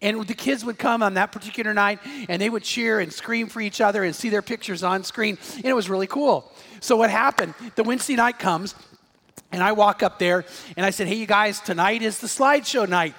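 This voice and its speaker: Male pastor, higher register, emphatic storytelling sermon in a reverberant sanctuary. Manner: storytelling, emphatic, rises to shouts on key points.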